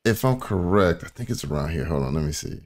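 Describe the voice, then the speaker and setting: A man's voice: low-pitched, lively intonation, quick pace, a little hiss or hum. A man hosting a casual reaction stream who rambles, laughs and curses while hunting through clips. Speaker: streamer host.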